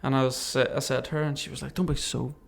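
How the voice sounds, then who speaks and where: Male guest, gravelly, mid pitch, animated storyteller. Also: fast. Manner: animated, acts out remembered dialogue. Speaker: podcast guest. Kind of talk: casual storytelling interview.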